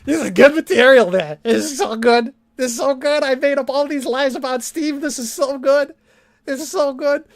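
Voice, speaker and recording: A man putting on a high, sing-song mocking voice to play a smug man who brags about his own lies. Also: moderate pace, close to an everyday voice. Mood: gloating.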